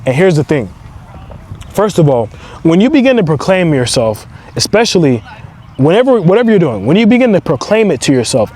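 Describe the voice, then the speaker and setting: A man's voice: fairly high pitch, sing-song, a little fast, darkish tone. Emphatic man giving a motivational talk. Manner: emphatic, repetitive affirmations. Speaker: entrepreneur and motivational speaker.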